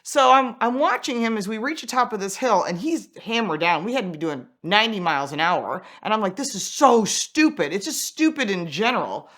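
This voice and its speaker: Woman car journalist with a racing background spinning a yarn, pitch jumping all over, animated delivery. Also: a little fast, few pauses. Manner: animated, acts out quoted dialogue. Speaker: automotive journalist and racer. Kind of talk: casual storytelling anecdote.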